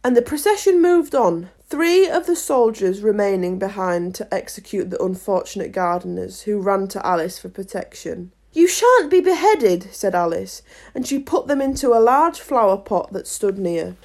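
A woman reading a classic children's storybook aloud in a lively, expressive way. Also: medium pitch, moderate pace. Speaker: audiobook reader.

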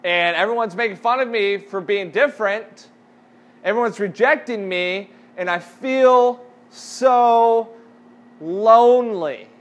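A man voicing a sad young ugly duckling who feels rejected, speaking slowly and dejectedly. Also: high voice, muffled recording. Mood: lonely.

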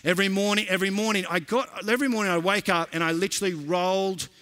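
A man preaching as a pastor, an animated storyteller who repeats lines for emphasis. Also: high voice, fast talker. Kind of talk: sermon with storytelling.

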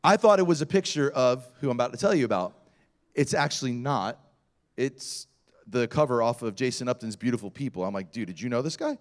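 A man preaching a sermon as pastor, telling personal stories in an animated way with self-deprecating humor. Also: mid-range voice, a little fast.

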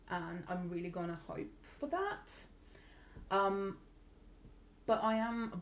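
A woman from Bulgaria with a blended British English accent, giving a personal account in an interview, hesitant and earnest with many pauses and restarts. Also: on the low side, slight background noise. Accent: blended British English, not quite English.

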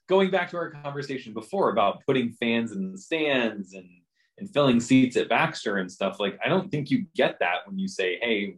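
A man co-hosting a podcast, chatting casually about his team's schedule with many fillers and restarts. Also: medium pitch. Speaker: podcast co-host. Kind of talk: casual sports chat.

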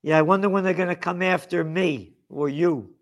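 A man's voice: high-pitched, normal speed. A man hosting a political talk show, rambling and indignant, with many restarts and fillers. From United States. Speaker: host.

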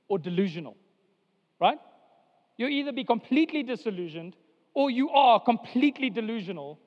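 High-voiced male pastor preaching in reverberant church. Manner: preaching with emphatic rises and drawn-out pauses. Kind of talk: sermon. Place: church sanctuary. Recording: dull sound with long hall reverb.

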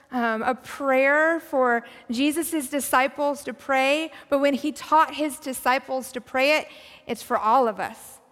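A woman preaches in an easy, conversational way, her high voice sometimes sinking soft and quiet as she reflects. The sound rings out with the long reverb of a large church hall. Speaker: pastor. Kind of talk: sermon.

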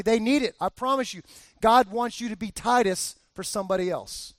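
A man's voice: high-pitched, normal speed, no room sound, clean studio sound. A man preaching a sermon as a pastor, talking candidly and conversationally with frequent restarts.

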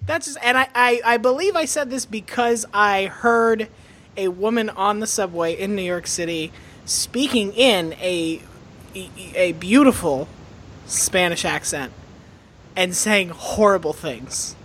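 A man's voice: high-pitched, unhurried, fairly bright tone, slight background noise. A man co-hosting a podcast in casual chat, thoughtful and hesitant, often restarting his sentences. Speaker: podcast co-host.

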